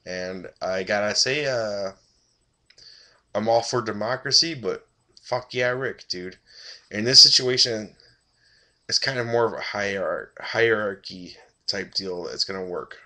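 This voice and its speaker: A man's voice: lowish voice, a little slow, pushed and bright. A tired man giving a rambling, blunt and profane casual review of a TV episode.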